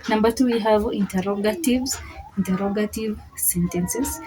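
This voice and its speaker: A woman's voice: mid-range voice, normal speed. A woman teaching an online grammar lesson, patiently repeating key words and going step by step. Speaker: English teacher. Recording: noticeable background noise.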